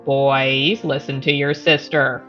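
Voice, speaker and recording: A woman playing a tired, wry mother adventurer who talks in an apologetic, unhurried way. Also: rumbling low, flat delivery, fairly bright tone, dull audio, faint music behind, heavily acted. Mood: weary. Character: weary mother adventurer, Mara.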